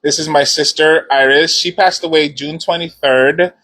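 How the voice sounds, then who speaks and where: A man with a slightly high, bright and forceful voice talks to viewers in a casual live stream. He is encouraging and repeats his points for emphasis. He is speaking into a phone. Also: steady tone, normal speed, rough recording.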